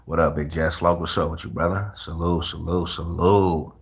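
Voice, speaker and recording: A man's voice: low voice, steady tone, normal speed, gravelly, breathy edge. A young man from Colorado chatting casually with viewers on a livestream, laid-back and full of street slang. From Colorado, USA.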